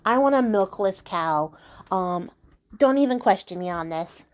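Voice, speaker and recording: A woman's voice: medium pitch, expressive, measured pace, lightly acted. A woman voicing a sly little old man, a traveler who wheedles and insists like a salesman.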